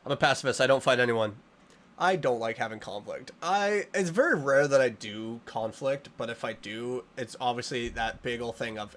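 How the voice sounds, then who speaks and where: A man live-streaming a game, chatting with his viewers in an animated, playfully dramatic way. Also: mid-range voice, a little fast. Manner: animated, playfully dramatic, reading and answering chat.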